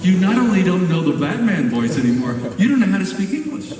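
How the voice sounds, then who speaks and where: Lively older man telling stories in a hall. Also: sits high, fast, crowd noise. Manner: animated, laughing, acts out studio exchanges. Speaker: voice actor panel guest. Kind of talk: convention panel storytelling. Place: large convention hall. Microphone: handheld camera far from stage. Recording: echoey convention hall from far off.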